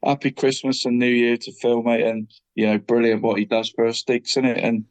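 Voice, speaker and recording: A man's voice: medium pitch, little pitch movement, fairly quick, dry recording. A middle-aged man co-hosting a football show, rambling and putting "mate" after every phrase. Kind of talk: casual football chat.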